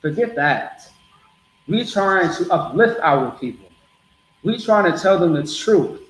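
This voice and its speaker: A man delivers a blunt, streetwise street sermon, repeating himself to drive each point home. His voice sits a little high. The recording bounces around an echoey space, with faint ambient noise underneath. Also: animated, slow. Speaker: street preacher. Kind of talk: street teaching to a group.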